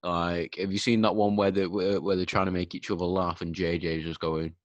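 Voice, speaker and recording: A young man with a low, deep voice co-hosts a casual chat. He gives blunt, opinionated takes and swears freely. The recording is dry and close. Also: level tone, brisk, no room sound, lo-fi sound. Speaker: podcast co-host.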